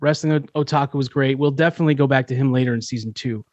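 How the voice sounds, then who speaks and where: Relaxed man in dry podcast banter. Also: medium pitch, rapid-fire, no room sound, lo-fi sound. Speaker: podcast co-host.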